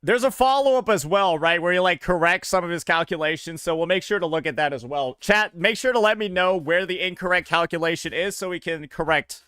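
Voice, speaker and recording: A man's voice: high-pitched, fairly quick, hardly any pauses, pushed and bright, clear, resonant tone, no room sound, clean studio sound. A male streamer chatting casually to his viewers live, loose and repetitive, from the American South. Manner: loose and chatty, repeats himself.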